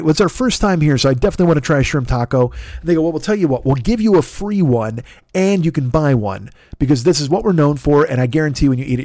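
A man hosting a podcast, telling a long, animated, profane story in a casual way and acting out the back-and-forth dialogue. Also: a little high, no room sound, clean studio sound. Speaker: podcast host.

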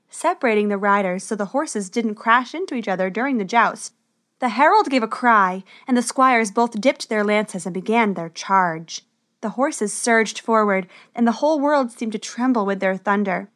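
A woman narrating a children's storybook in a lively, expressive reading. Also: mid-range voice, normal speed.

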